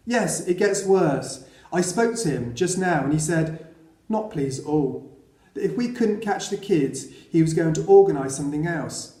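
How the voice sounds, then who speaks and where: A man's voice: a little high, expressive, normal speed, mellow, roomy sound, close to an everyday voice. A man reading the lines of a worried mother who explains things hesitantly. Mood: troubled. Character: worried mother, earnest and confiding.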